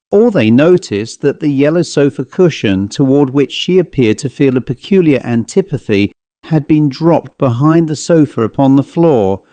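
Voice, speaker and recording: A man narrating a ghost story as an audiobook reader, in a measured, even way. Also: medium pitch, no echo. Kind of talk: scripted narration.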